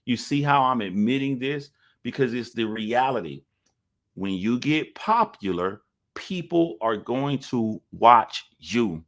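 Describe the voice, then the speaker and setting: A man's voice: medium pitch, expressive, slow. A man giving casual reaction commentary to a video, talking in an earnest, rambling way with some swearing.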